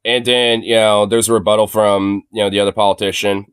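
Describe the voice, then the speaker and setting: A man's voice: on the low side, level tone, brisk, clean tone, no echo. Laughing, rambling male co-host. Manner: laughing, rambling, swears a lot. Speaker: co-host reacting to clips. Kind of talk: casual profane banter.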